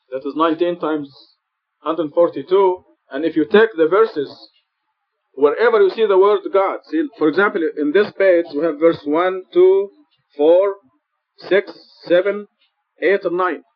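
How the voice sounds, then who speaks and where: A man gives an earnest sermon in a mosque, stressing his points by repeating them. His voice sits a little high for a man. The recording is muffled and lo-fi. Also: measured pace, pauses often. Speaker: preacher teaching Quran study. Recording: dull lo-fi recording.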